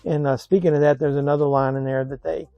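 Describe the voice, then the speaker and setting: A man's voice: on the high side, level tone, fast, no room sound, lo-fi sound, faint music behind. A man giving a blunt, scathing movie review in a casual vlog, sounding exasperated.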